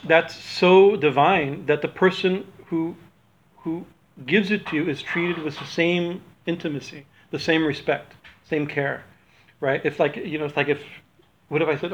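A man giving a loose, rambling religious talk, often checking in with "right?" His voice sits a bit high for a man. The recording is dull and lo-fi. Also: fairly even intonation, measured pace. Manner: rambling, keeps asking "right?". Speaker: spiritual teacher.

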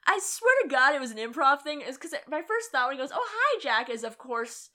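A woman's voice: sits high, big pitch swings, a little fast, pushed and bright. A woman co-hosting a casual podcast, rambling and joking, swearing and laughing at herself. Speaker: podcast co-host. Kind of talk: casual chat about TV and sci-fi.

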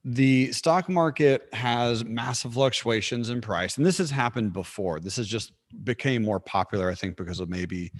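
A man's voice: mid-range voice, normal speed, hardly any pauses, no echo. A man who trades stocks, speaking as a podcast guest and patiently explaining things in a friendly way, with easy laughs. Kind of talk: explanatory interview talk.

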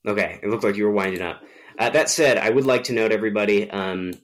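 A man with a fairly low voice, chatting casually on a podcast. He rambles, stacks up fillers and restarts, and tells stories with animation. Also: fast talker. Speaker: podcast co-host. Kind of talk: casual chat.

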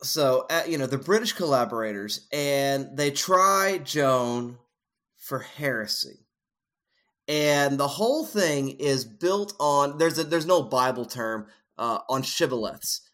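A man's voice: medium pitch, animated, slow pace, fairly bright tone. A man co-hosting a casual film discussion, explaining ideas at length in a thoughtful way with frequent fillers. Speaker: podcast co-host.

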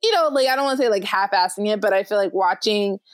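A woman interviewer chatting casually, relaxed and heavy on fillers. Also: medium pitch, fast.

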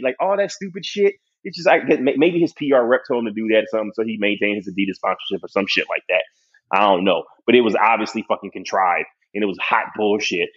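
Husky man ranting on a lo-fi recording. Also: mid-range voice. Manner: profane, heated ranting with mocking quoted voices. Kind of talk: casual sports chat. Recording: dull lo-fi recording.

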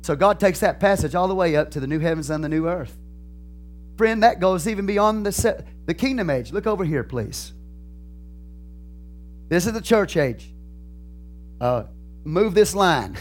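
A high-voiced Texan man preaches a sermon as pastor. He moves between steady explanation and loud, fervent proclamation, with faint music playing behind him. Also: unhurried, long pauses. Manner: builds from calm teaching to loud, fervent preaching.

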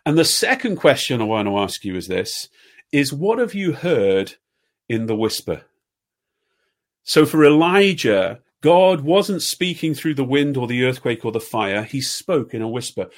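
A husky-voiced man in his fifties delivers a sermon. He speaks earnestly, stacking question after question, and often sinks into quiet, gentle tones. His voice sits at an ordinary middle pitch. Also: animated, normal speed. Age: 50s. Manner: earnest, repeats questions, drops to soft tones at times. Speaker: pastor.

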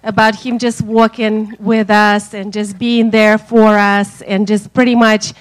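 A woman sharing thoughts in a sermon, measured and thoughtful. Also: mid-range voice, level tone.

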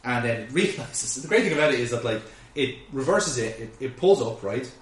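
A man's voice: medium pitch, animated, normal speed, recorded from a distance. Rambling man in an echoey room. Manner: rambling, many fillers and restarts. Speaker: podcast host. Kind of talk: casual chat recapping an episode. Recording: echoey room, set back from mic.

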